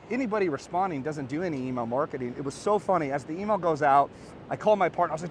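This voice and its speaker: A man in his thirties delivers an animated, earnest motivational talk, his voice sitting a little higher than most men's. He speaks outdoors by the beach into a close phone or camera mic, and a faint rumble of traffic runs underneath. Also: very fast. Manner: energetic, animated and earnest, rising to excited peaks. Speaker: podcast host and coach.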